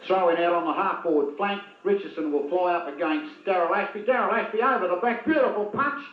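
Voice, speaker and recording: A man with an Australian accent giving excitable, partisan commentary on a local football match and calling out to the players by name. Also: high-pitched, a little fast, echoey room, muffled recording.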